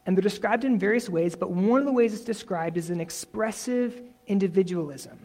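A man preaching a sermon in a relaxed, conversational way, often acting out imagined replies. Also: high voice, fairly quick. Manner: conversational, self-correcting, uses imagined dialogue. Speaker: pastor.

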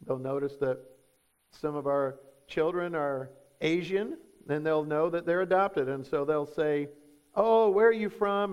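A man's voice: fairly high pitch, darkish tone. A man, preaching a sermon as pastor, emphatic and full of rhetorical questions.

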